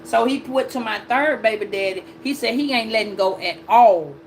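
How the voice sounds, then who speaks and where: A woman's voice: fairly high pitch, normal speed, a little hiss or hum, poor audio. A woman host telling a personal story in a casual rant, blunt and profane with emphatic retelling. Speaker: astrology and tarot channel host.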